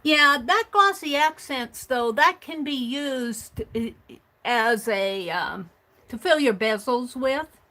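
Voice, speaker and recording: A woman with a fairly high voice hosts a craft livestream. She rambles casually and talks to herself as she works. She laughs easily and often restarts her sentences. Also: animated, slow pace, sharp tone. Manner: chatty, talks to herself and reads viewer comments aloud.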